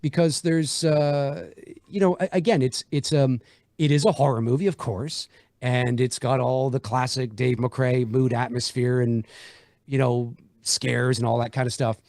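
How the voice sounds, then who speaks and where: A man's voice: medium pitch, fairly even intonation, measured pace, a little mellow, no room sound, clean studio sound. A man, an indie horror filmmaker, chatting casually about his project with many fillers and restarts. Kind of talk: casual interview chat.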